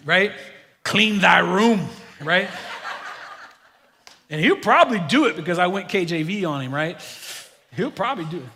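A middle-aged man preaching a sermon to his congregation, animated and joking with them in asides. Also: high voice, moderate pace, pauses often. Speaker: pastor. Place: church sanctuary. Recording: long reverb of a large hall.

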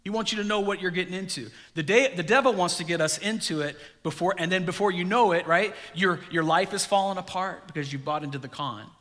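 Bright-voiced preacher in a reverberant hall. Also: male voice, sits high, a little fast, few pauses. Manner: conversational preaching with frequent rhetorical questions. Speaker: pastor; district youth director. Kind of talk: sermon.

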